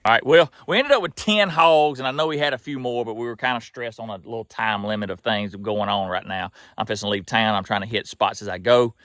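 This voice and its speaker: A man's voice: lowish voice, brisk, hardly any pauses, fairly bright tone, dry recording. A man with a Southern US accent, chatting folksily outdoors in a field while narrating his hog trapping vlog. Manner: folksy, chatty, laughs often.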